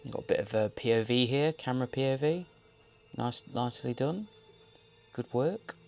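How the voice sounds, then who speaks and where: A man's voice: mid-range voice, animated, normal speed, creaky, a little mellow, soft background music. Male host, wry and jokey, rambling horror episode commentary.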